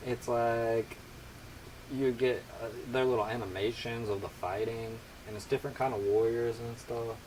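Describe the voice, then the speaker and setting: A man's voice: medium pitch, fairly even intonation, moderate pace, darkish tone, a little hiss or hum, rough recording. A man joining a podcast as a guest, chatting casually in a wry, joking way.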